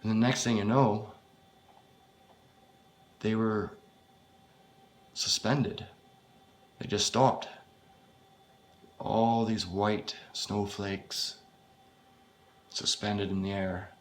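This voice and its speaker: A man reading his own first-person horror story aloud, in a halting, unpolished way with frequent swearing. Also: lowish voice, steady tone.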